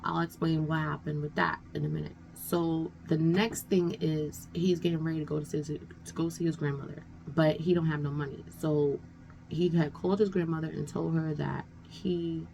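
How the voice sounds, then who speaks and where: A woman's voice: deep voice, level tone, normal speed, creaky, a little hiss or hum. A woman telling a personal story in a casual, rambling way, full of "like" and "um," sounding exasperated as she talks it through. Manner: rambling, many fillers like 'like' and 'um'; exasperated, talking things through out loud. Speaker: storytime vlogger.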